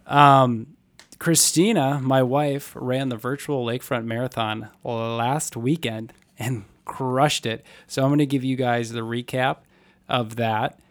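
A man's voice: mid-range voice, fairly even intonation, takes it slowly. Upbeat man hosting a podcast. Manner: upbeat, joking, reads ad with acted anecdotes. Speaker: podcast host. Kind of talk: casual podcast chat.

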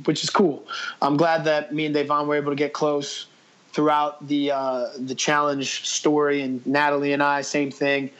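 A man's voice: on the high side, fairly bright tone, low-quality recording. A man guesting on a podcast, telling stories in a blunt, profane way and acting out his own past lines. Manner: profane, quotes himself with "I was like"; blunt and brash. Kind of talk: casual interview storytelling.

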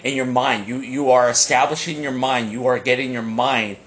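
This podcast co-host rambles through casual chat with plenty of fillers and restarts. His mid-range voice is steady and fairly bright at a normal speed, with a slight hiss or hum on the recording.

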